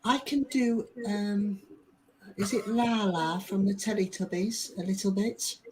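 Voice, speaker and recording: Soft-spoken, hesitant woman guest. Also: medium pitch, steady tone, measured pace, slight background noise, low-quality recording. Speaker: guest performer. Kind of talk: casual video call chat.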